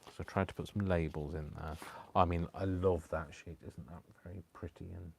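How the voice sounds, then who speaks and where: A man's voice: low-pitched, fairly even intonation, fairly quick, vocal fry, a little mellow, breathy edge. A man hosting a live crafting stream, rambling and talking to himself with a lot of apologies as he works. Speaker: craft channel host. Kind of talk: casual live crafting chat.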